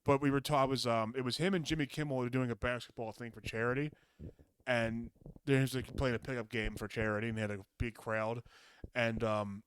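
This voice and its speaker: A man co-hosting a casual podcast, rambling through profane, animated stories and talking over his co-host. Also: medium pitch, fairly quick, clean tone, dry recording.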